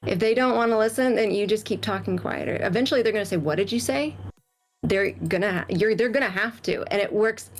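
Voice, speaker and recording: A woman's voice: mid-range voice, fast, hardly any pauses. Blunt woman with music behind. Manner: blunt, opinionated. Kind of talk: casual chat on a live stream.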